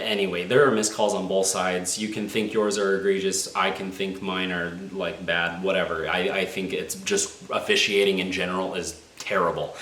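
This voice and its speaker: Man, low voice, rambling exasperated hockey fan reaction, roomy echo. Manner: excitable, exasperated, rambling with restarts. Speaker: hockey fan reviewing a game. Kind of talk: casual live game reaction. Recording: echoey room, faint background noise.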